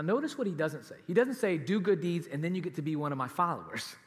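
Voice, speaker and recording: A man's voice: a little high, lively intonation, fast, few pauses, long reverb tail. A man preaching a sermon as pastor, emphatic and conversational, with laughs and casual asides. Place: church auditorium.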